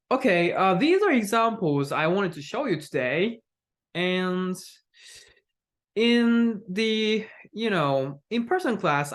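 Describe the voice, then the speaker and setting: A man teaching an English intonation lesson, slow and patient, with many fillers as he acts out example sentences aloud. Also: fairly high pitch, a bit bright. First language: Japanese. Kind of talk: recorded online lesson.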